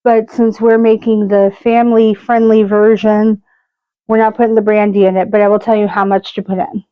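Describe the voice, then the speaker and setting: Hosting a relaxed cooking video, a woman talks at normal speed in a level, medium-pitched voice that sounds clean with no echo, though the audio is narrow and tinny. She chats freely and pokes fun at herself, especially her own accents.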